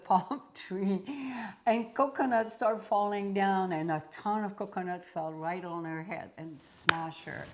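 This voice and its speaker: A woman spiritual teacher telling a parable at a satsang in a deliberate storyteller's manner. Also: on the low side, a little mellow.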